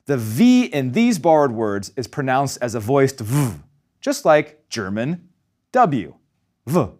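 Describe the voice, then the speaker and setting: Teaching German pronunciation, the man follows a script and speaks with energy, dropping his pace to model every sound. His voice sits in the mid-range.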